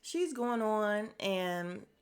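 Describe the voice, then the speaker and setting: A woman's voice: medium pitch, lively intonation, very slow. A woman hosting a casual podcast, recapping a reality show bluntly and swearing freely. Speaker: podcast host.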